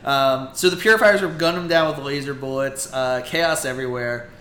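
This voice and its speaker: Animated man recapping comics, bright voice. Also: medium pitch, brisk, echoey room, slight background noise. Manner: rambling, animated retelling with acted-out quotes. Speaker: podcast co-host. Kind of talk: casual comic book recap.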